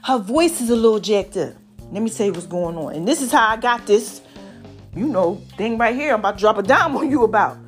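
A woman hosting a casual podcast, animated and drawn out, calling listeners baby and y'all, her voice a bit hoarse from allergies. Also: fairly high pitch, brisk, faint music behind. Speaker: podcast host.

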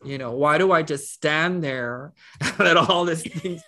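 A man's voice: on the high side, a little slow, sharp tone. A man, a nonprofit CEO, telling a personal story as a guest in an earnest, conversational way, with frequent restarts. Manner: earnest, with many restarts and fillers.

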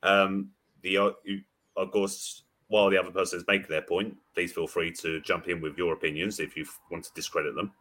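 A man's voice: low voice, level tone, fairly quick, fairly bright tone. A laid-back man co-hosting a casual podcast, rambling through the intro with plenty of fillers. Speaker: podcast co-host.

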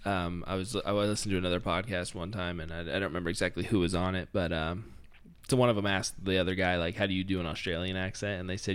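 Very deep-voiced laid-back podcast host. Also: male voice, steady tone, quick pace, few pauses, fairly bright tone, smooth. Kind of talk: casual chat.

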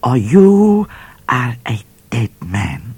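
A man's voice: fairly high pitch, sing-song, slow, gravelly, warm tone, slightly rough, dry recording, pitched above the performer's own voice, heavily acted. A man voicing a menacing male cat who poses as a bushranger and snarls threats.

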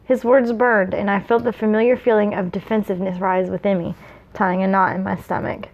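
A woman's voice: mid-range voice, flat delivery, a little fast, lo-fi sound. A woman reading fan fiction aloud, with small slips and asides. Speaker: reader.

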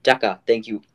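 A man hosting a casual podcast, rambling with many fillers. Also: medium pitch. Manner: rambling, full of fillers and restarts. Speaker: podcast host.

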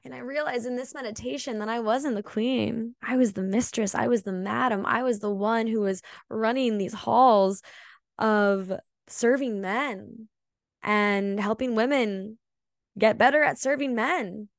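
A woman's voice: a little high, a little slow, creaky, no room sound, clean studio sound. Earnest woman sharing a spiritual story. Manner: earnest, emotional and confessional. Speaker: podcast host. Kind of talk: solo spiritual podcast monologue.

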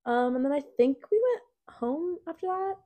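A woman's voice: sits high, lively intonation, moderate pace, dark tone. A young woman in her twenties co-hosting a podcast, telling stories in a chatty way with lots of fillers. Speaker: podcast co-host. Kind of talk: casual chat.

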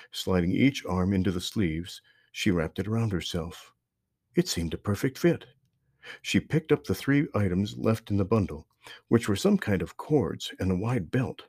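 Husky-voiced man narrating a story. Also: low-pitched, no echo, clean studio sound. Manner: calm, measured reading. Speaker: podcast host and narrator.

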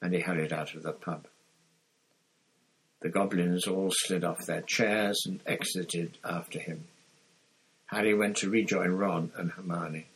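A man's voice: low-pitched, fairly even intonation, a little slow, long pauses, a bit bright, breathy edge, low-quality recording. A man reading a novel aloud, in an unpolished style with small fillers and restarts. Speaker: audiobook reader.

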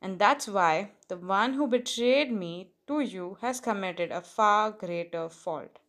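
A woman reading the part of a calm, dignified male religious teacher, soft and slow. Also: mid-range voice.

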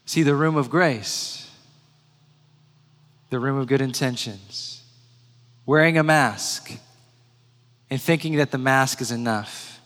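Preacher with a long hall echo. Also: male voice, mid-range voice, a bit bright. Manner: slows and repeats key phrases for emphasis. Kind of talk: sermon storytelling.

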